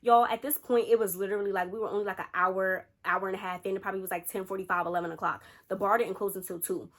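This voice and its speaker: A woman's voice: medium pitch, steady tone, fast talker, a bit bright. A young woman telling a casual storytime to her viewers, chatty and slangy, talking straight to the camera.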